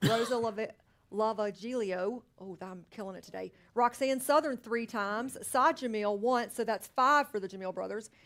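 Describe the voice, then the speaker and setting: Co-host, female: upbeat, chatty name-reader, pitched a little high. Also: normal speed, few pauses, a bit bright. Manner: upbeat, cheering and laughing between names. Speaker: co-host of a live brokerage sales meeting. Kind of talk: casual live co-hosting, reading name lists. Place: company studio.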